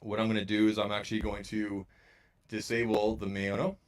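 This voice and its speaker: A man's voice: on the low side, level tone, a little fast, no room sound. A man hosting a tech channel, demonstrating a mic setup in a loose, repetitive, casual way. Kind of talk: casual product demo.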